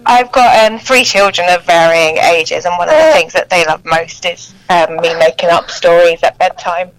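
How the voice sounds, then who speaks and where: A woman in her thirties, a children's author interviewed over the phone, friendly and gently hesitant. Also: fairly low pitch, steady tone, normal speed, rough recording. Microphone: mobile phone.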